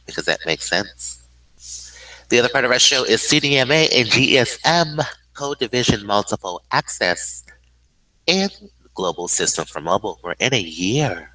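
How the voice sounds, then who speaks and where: A man's voice: on the low side, pushed and bright, no room sound, rough recording. A man hosting his own show in a rambling, free-associating monologue, often spelling out letters and acronyms.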